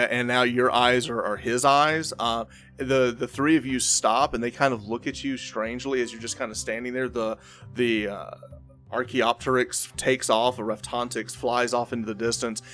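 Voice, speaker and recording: Halting male game master narrating. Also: medium pitch, fairly even intonation, a bit bright, soft background music. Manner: halting, with many fillers and restarts.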